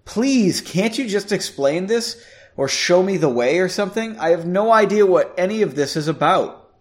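A man's voice: on the high side, big pitch swings, a little slow, voice pushed up. A man voicing a nervous young woman who pleads for help in a read-aloud story. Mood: nervous pleading. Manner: pleading, anxious.

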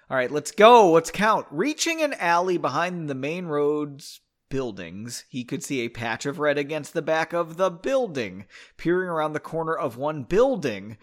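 A man hosting a podcast, reading a story aloud and breaking off for chatty, self-mocking jokes. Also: a little high. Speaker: podcast host.

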